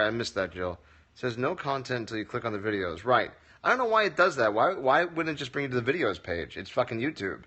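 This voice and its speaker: A man's voice: mid-range voice, a bit bright, muffled recording. A man running a casual livestream Q&A as a comedy teacher, reading viewers' comments aloud and answering them with dry jokes. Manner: wry, joking, reads comments aloud and answers. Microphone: phone livestream.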